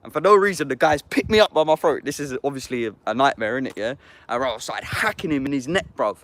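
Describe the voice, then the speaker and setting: A man's voice: mid-range voice, expressive, fast, a bit bright, no room sound. A young adult man with an English accent, chatting casually and slangily on a livestream, swearing and answering chat comments.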